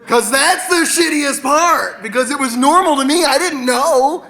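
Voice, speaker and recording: A man's voice: very high-pitched, unhurried, sharp tone. A man in his forties performing a self-deprecating stand-up set on a stage, talking casually and swearing easily. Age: 40s. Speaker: stand-up comedian. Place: stage at an arts center.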